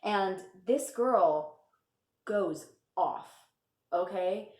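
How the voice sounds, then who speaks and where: A woman's voice: medium pitch, animated, drawn-out words, a little mellow. Brief: young woman, casual storytime vlogger, giggly and rambling, roomy echo. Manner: chatty, laughs often, lots of fillers. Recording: echoey room.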